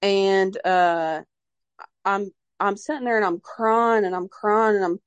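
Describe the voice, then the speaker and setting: A woman's voice: mid-range voice, fairly even intonation, slow, clear, resonant tone, dry recording, muffled recording. Rambling young woman, dry close sound. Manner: rambling, heavy use of "like" and fillers; openly emotional and religious in tone. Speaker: mother sharing her birth story. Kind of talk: casual personal testimony.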